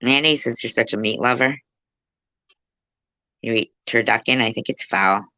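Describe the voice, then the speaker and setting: A woman's voice: a bass voice, normal speed, pushed and bright, no echo. A woman hosting a casual livestream, teasing and joking with her viewers. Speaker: livestream host. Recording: dull lo-fi sound.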